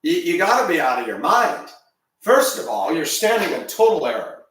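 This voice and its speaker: A man's voice: a little high, very animated, normal speed, a bit bright, recorded from a distance. A man in his fifties giving an emphatic, rambling ranting monologue with frequent restarts. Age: 50s. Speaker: video commentator. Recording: very echoey room, voice off-mic.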